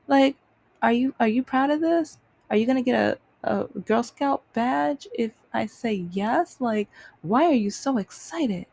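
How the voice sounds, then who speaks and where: Casting: woman vlogger, dark mellow tone with gravel, lively storytelling. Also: mid-range voice, normal speed, no room sound. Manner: animated, exasperated retelling with mocking quoted voices. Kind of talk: casual storytelling vlog.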